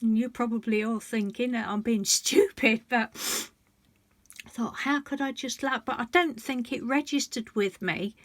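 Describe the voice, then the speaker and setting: A woman in her sixties who vlogs about colouring books confides in her audience, her heartfelt storytelling wandering and frequently restarting. She speaks at a normal pace in a slightly high voice, recorded without echo.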